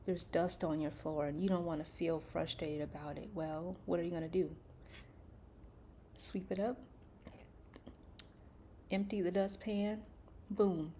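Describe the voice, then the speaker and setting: A woman talks slowly and gently, as if soothing a friend, her voice sitting a little low. Now and then she drops into soft breathy asides. A faint hum of room noise sits behind her. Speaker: faith and wellness vlogger. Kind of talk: calm reflective talk to camera.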